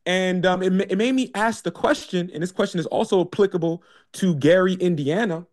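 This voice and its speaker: A man's voice: high voice, a little fast, a little mellow. Hesitant man building to emphatic questions. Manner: hesitant, many fillers, building to emphatic repetition. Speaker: speaker. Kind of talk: casual monologue.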